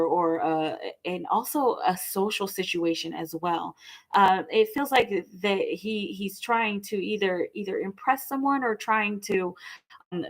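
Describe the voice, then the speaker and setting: Casting: young woman, gravelly, rambling tarot reader on a live stream. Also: mid-range voice. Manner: chatty, rambling, lots of "like"; murmurs softly while shuffling.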